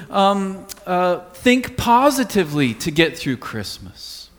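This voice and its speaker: High-pitched guy preaching, earnest, goes quiet on key words, big church reverb. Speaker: pastor. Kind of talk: sermon.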